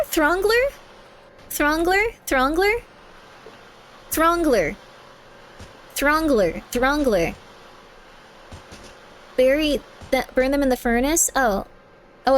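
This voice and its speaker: A young woman streaming a game live, chatting fast and often repeating herself, with sudden exasperated outbursts. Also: on the high side, slight background noise. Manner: chatty, repeats phrases, bursts of exasperated yelling.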